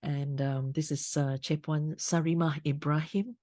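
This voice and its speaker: A woman hosting a podcast speaks in a very low voice, halting and hesitant. Her sound is close and dry. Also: steady tone, mellow, dry recording. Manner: hesitant, many fillers. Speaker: podcast host. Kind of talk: casual interview talk. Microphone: remote recording.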